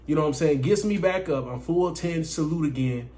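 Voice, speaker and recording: Man, higher-pitched, casual storytelling, profane, keeps saying guys. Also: a little fast. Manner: profane, animated, keeps addressing viewers as guys. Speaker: dating coach vlogger.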